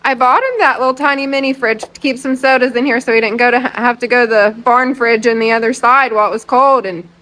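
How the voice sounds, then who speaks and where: Woman in her forties, from Ohio, chatty, talks to viewers, bright tone. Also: on the high side, fast, few pauses, low-quality recording. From Ohio, USA. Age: 40s. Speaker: vlog co-host. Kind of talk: casual vlog narration.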